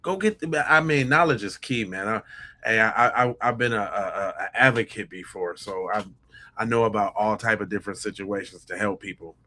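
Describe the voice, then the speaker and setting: A podcast host, a man, reacts in blunt, slangy outrage to true crime footage. His voice is bright and forceful. Faint music plays under him. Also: fairly low pitch, brisk.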